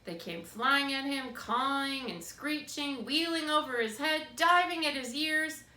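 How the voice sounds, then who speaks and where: A woman narrating a children's book in a steady, expressive read-aloud. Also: high-pitched, a little slow. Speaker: storybook reader. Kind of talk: scripted narration. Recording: roomy, distant mic, faint background noise.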